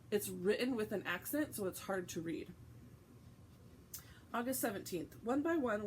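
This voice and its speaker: A woman's voice: medium pitch, darkish tone, slight background noise, poor audio. A woman hosting a casual vlog, reading aloud from a book and chatting, with frequent fillers and self-corrections. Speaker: host.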